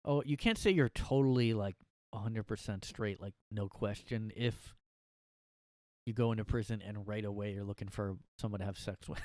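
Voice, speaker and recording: A man's voice: on the low side, fairly even intonation, normal speed, darkish tone, no echo, studio quality. A man hosting a podcast alone from his room, rambling and joking with many fillers. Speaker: podcast host. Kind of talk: casual comedic monologue.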